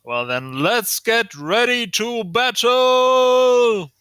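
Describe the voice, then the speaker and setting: A man voicing a loud male arena announcer in a tabletop game, stretching out his hype calls. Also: extremely high pitch, animated, drawn-out words, clear, resonant tone, no echo, studio quality, pitched above the performer's own voice, full character voice. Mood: hyped.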